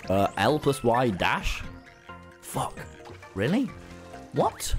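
A man streaming a game live, excitable and swearing as he jokes with his chat. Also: mid-range voice, drawn-out words, faint music behind. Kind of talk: live gameplay commentary.

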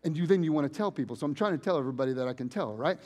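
A man preaching a sermon, telling personal stories conversationally and switching between loud and hushed delivery. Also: a little high, expressive, rapid-fire. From United States. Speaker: pastor. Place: church sanctuary.

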